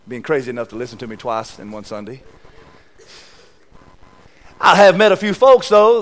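A man preaching a sermon as a guest preacher in a church, emphatic and repetitive, swinging between loud stresses and hushed asides. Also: on the high side. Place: church sanctuary.

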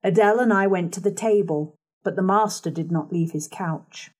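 A woman narrating a classic novel in the first person with a measured, composed reading. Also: fairly low pitch, darkish tone. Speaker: audiobook narrator.

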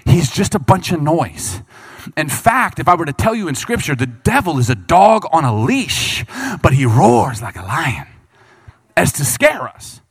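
A man preaching a sermon, reading scripture and breaking into quick acted asides as the people he talks about. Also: a little high, slightly rough. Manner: animated preaching, voices Bible figures and people in quick asides. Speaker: pastor.

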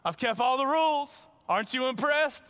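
A man's voice: very high voice, expressive, normal speed, fairly bright tone, smooth, voice pushed up. A man playing a bragging rich young man. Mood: boastful. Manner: whiny, bragging, pleading. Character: boastful self-righteous rich young man. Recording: long reverb in a large hall.

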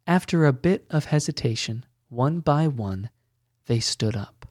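Male storyteller, scripted narration, slow and measured, close dry sound. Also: mid-range voice, animated, a little mellow, dry recording.

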